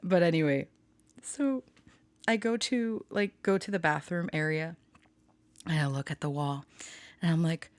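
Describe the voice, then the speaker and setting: In a deep, unhurried voice with long pauses, a spiritual channeler and tarot reader chats casually from her small home studio. She rambles, laughs a lot and tells stories with self-aware melodrama, and the recording has no room sound.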